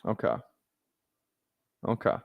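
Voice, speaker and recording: A man's voice: slow, no room sound, narrow, tinny audio. A young man casually commenting on a live fantasy football draft stream, rambling, repeating himself and swearing freely.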